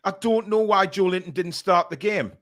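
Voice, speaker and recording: A man hosting a live fan watchalong, calling the match play by play and reading viewer messages, partisan and quick to outrage. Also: high voice. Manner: excitable, shouts at big chances and bad calls; indignant, partisan.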